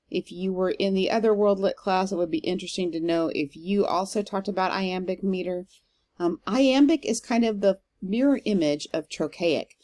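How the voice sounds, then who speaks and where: In this recorded lesson, a woman who teaches literature speaks at medium pitch with a warm tone. She works through the material one step at a time, uses some filler words, and gives poetry strong emphasis when she reads it.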